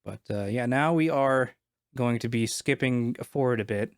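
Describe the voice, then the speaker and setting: A man in a mid-pitched voice runs a tabletop game, casual and loose, trailing off and restarting often. The sound is dry and close, no room in it. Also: moderate pace, clear, resonant tone, no echo. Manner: casual, many fillers and restarts. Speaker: game master.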